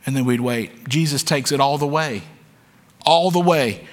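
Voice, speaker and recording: A man's voice: medium pitch, a little slow. A man preaching a sermon to his church, speaking earnestly and candidly, often repeating words as he goes. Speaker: pastor. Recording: long hall reverb.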